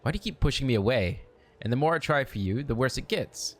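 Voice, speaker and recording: A man reading aloud as a hurt, proud female half-elf companion, using his own low voice. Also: lively intonation, fast, lightly acted. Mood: reproachful.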